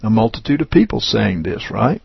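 A man preaching a sermon, reading scripture and teaching with slow, deliberate emphasis on key words. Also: lowish voice, very animated, creaky, husky, no echo, dull audio.

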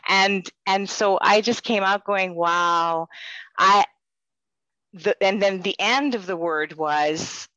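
Woman telling her faith story, bright edgy voice, kinda dull lo-fi sound, dry. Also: medium pitch, takes it slowly, no room sound. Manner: earnest, rambling storytelling with quoted dialogue. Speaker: member sharing a personal testimony. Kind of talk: faith testimony, casual storytelling.

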